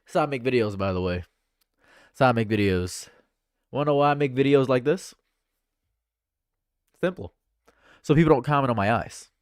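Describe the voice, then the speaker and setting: A man's voice: mid-range voice, normal speed, pauses often, clean tone, no room sound, clean studio sound. A man streaming live from home, ranting sarcastically and repeating himself into a USB condenser mic. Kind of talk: livestream commentary. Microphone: condenser USB microphone.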